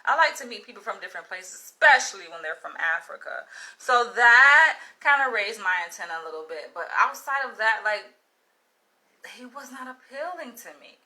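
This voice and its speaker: A woman from Florida telling a story to her followers in a casual vlog, blunt and profane, with an animated delivery. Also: on the high side, moderate pace, rough recording. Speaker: vlogger.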